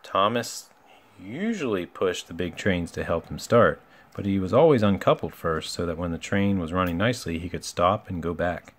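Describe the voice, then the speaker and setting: A man reading a children's picture book aloud in a relaxed, homely way, with small slips and asides. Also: low-pitched, normal speed. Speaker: storybook reader.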